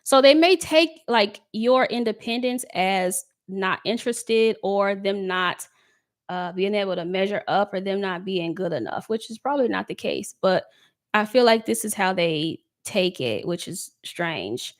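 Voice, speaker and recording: A woman's voice: mid-range voice, animated, unhurried. Chatty woman giving a tarot reading. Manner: chatty, reads chat comments aloud, laughs often. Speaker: tarot reader. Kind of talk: casual live tarot reading.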